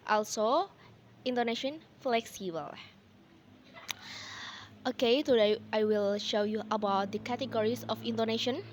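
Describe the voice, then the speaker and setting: A woman's voice: fairly high pitch, a little hiss or hum. A young woman with an Indonesian accent giving a student presentation, reading carefully and often saying "okay". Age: young adult. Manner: careful, read-aloud delivery with frequent "okay". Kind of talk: classroom presentation.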